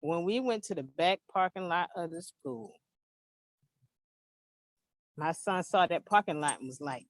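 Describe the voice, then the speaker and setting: A mother telling an animated, emphatic story in an interview, acting out the dialogue. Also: lowish voice, unhurried, pauses often, dry recording. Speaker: interview guest, parent.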